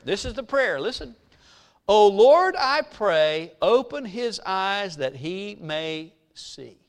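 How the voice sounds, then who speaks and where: A man preaching a sermon, retelling scripture in an animated storytelling way and acting out its people. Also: sits high. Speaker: pastor.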